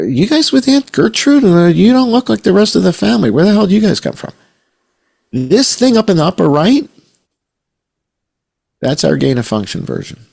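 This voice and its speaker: A man, a journalist guest on a podcast, talking in an animated, conspiratorial storytelling way and swearing casually. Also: lowish voice, vocal fry, breathy edge. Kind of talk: podcast conversation.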